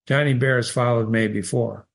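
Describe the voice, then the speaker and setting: A man reading the part of a calm, sympathetic farmer in a short story, speaking in a matter-of-fact, confiding way. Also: mid-range voice, moderate pace, creaky. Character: calm, sympathetic male small-town farmer.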